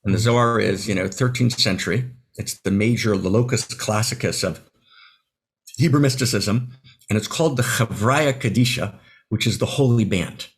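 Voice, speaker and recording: With a fairly low, breathy-edged voice at a moderate pace, a man speaks as an author guest in a video-call conversation. He talks passionately, gets emotional enough to be near tears at times, and often caps his points with "right?"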